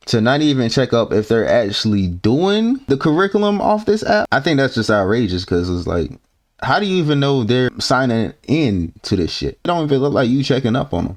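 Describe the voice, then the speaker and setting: A man hosting a reaction video, talking bluntly and casually, swearing and restarting his sentences as he riffs on clips. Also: lowish voice.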